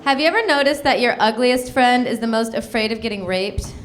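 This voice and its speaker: A woman's voice: fairly high pitch, a little fast, heavy background noise. A young woman doing a brash stand-up comedy set on a club stage, mimicking songs and people in silly voices. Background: loud audience laughter.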